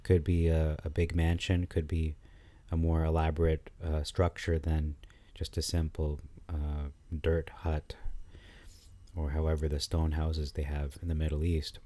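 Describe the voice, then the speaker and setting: Man, low warm voice, casual study-style commentary, halting delivery. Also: monotone, no room sound. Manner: thinking aloud, halting with frequent fillers and restarts. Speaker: scripture commentator.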